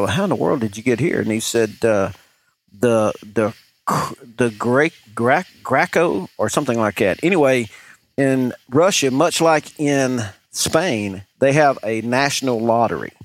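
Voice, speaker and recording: A man's voice: medium pitch, expressive, a little slow. Rambling man telling a story. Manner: chatty, many restarts and fillers. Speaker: podcast co-host. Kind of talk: casual chat, rambling storytelling.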